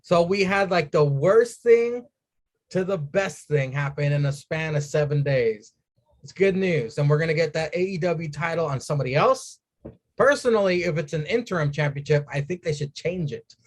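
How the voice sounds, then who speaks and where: A man chatting on a wrestling podcast with a fairly high voice. He swears freely and acts out his own excited reactions as he tells the story. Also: normal speed. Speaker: podcast co-host. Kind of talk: casual wrestling podcast chat.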